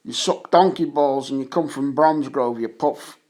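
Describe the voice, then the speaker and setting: A man putting on the voice of a gruff pirate who mocks and insults, with a drawn-out growl, outdoors in a field. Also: medium pitch, darkish tone, voice pushed down, close to an everyday voice. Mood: mocking. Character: gruff insulting male pirate talking to donkeys.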